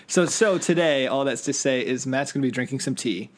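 Chatty podcast host man, laughs often. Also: mid-range voice. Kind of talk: casual chat.

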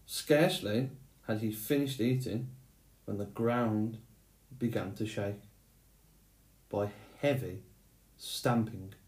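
A man reading a fairy tale aloud in a measured, unhurried way. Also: mid-range voice, darkish tone, reverberant. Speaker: storyteller. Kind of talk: storybook read-aloud.

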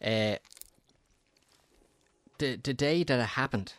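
A man's voice: medium pitch, takes it slowly, no echo. A young man co-hosting a podcast, telling a story in casual, rambling chat with many stop-start restarts. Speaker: podcast co-host.

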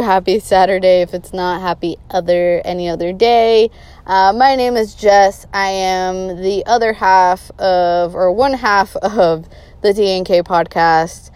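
A woman's voice: fairly low pitch, a little mellow, clean tone. A woman co-hosting a podcast, greeting listeners in a chatty, upbeat, rambling way with fillers. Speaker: podcast co-host. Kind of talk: casual solo podcast intro.

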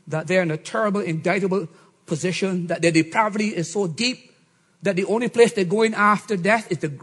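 A middle-aged man preaching a sermon, swinging from shouts to low murmurs. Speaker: pastor.

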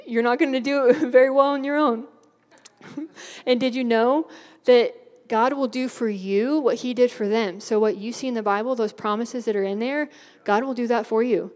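A woman's voice: on the high side, darkish tone. A young woman giving a youth sermon in a bubbly, chatty way, laughing often. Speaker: youth speaker. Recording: hall reverb.

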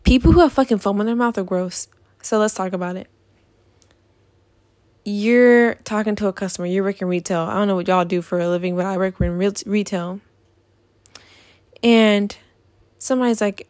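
A woman's voice: medium pitch, fairly even intonation, normal speed, long pauses, a little mellow, dry recording. A young woman in a casual vlog, ranting in an exasperated, profane way about things that annoy her. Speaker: vlogger.

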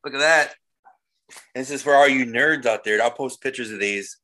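A man's voice: mid-range voice, moderate pace, pushed and bright. Regular guy, middle voice, crude jokes on a buddy podcast. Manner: crude, joking banter. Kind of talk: casual chat.

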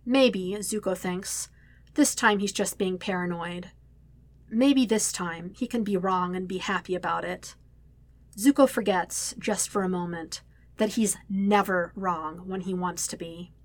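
A woman reading a fan story aloud in a quiet, steady narrating voice. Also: lowish voice, measured pace. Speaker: podfic reader. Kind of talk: audiobook reading.

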